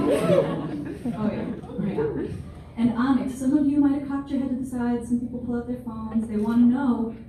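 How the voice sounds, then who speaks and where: Self-deprecating woman comic in her twenties on stage, higher-pitched, picked up from far off against room noise. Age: 20s. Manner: wry, self-deprecating, playful asides. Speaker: stand-up comedian. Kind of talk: stand-up comedy set. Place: large room with a live audience. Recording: very echoey hall, distant, noisy.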